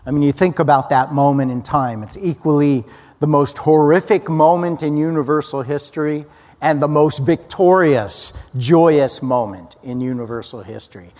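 A man's voice: a little high, moderate pace, a little mellow. A man giving an earnest personal testimony as a guest speaker, often restarting his sentences. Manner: earnest storytelling, frequent restarts. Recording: long hall reverb.

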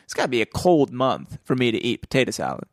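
A man's voice: medium pitch, wildly swooping pitch, quick pace, no echo, studio quality. A man co-hosting a casual podcast, chatting in a playful, jokey way and laughing often. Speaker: podcast co-host. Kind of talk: casual chat.

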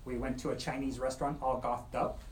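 A man's voice: medium pitch, level tone. A man performing an improvised comedy scene, rambling playfully from joke to joke. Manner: playful, rambling, quick jokes. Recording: echoey room with faint hiss.

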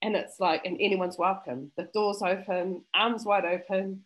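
A woman's voice: medium pitch, steady tone, unhurried, a bit bright, poor audio. Effusive, emotional woman giving a testimonial. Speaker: student interviewee. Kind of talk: heartfelt video-call testimonial.

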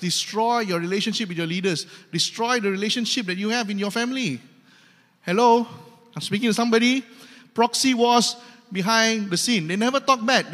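A male pastor with a Malaysian English accent preaches emphatically, repeating his points with humor. His voice sits high, and a long hall reverb follows each phrase. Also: a bit bright. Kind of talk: sermon.

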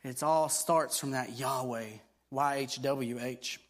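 A man's voice: mid-range voice, fairly even intonation, unhurried. A man preaching a sermon, explaining things in a conversational teaching way with fillers and restarts, then building to emphatic repeated declarations.

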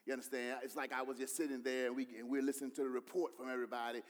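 A man's voice: mid-range voice, little pitch movement, rapid-fire, in a large hall. A man preaching a sermon, building in intensity and voicing other people as he goes. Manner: preaching with rising intensity, acting out voices of others. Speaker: pastor.

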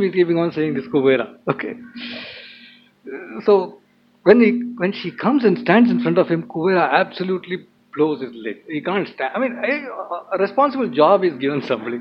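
A man's voice: high-pitched, big pitch swings, normal speed. Guy telling a legend casually, laughs a lot, muffled lo-fi sound with faint hiss. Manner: chatty, laughing, many asides. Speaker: storyteller. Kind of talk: casual storytelling talk. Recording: dull lo-fi with faint ambience.

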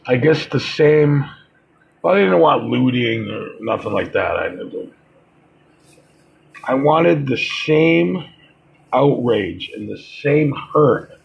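A man with a deep, gravelly, husky voice delivers a heated, profane monologue of commentary, halting and starting over as he gets worked up. He speaks slowly and expressively, and the recording is dull and lo-fi.

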